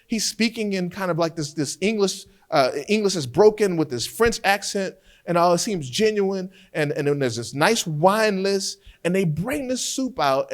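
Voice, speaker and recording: A man teaching trial skills as a defense lawyer, an animated storyteller who often repeats words as he restarts a thought. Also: sits high. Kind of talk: lecture with courtroom storytelling.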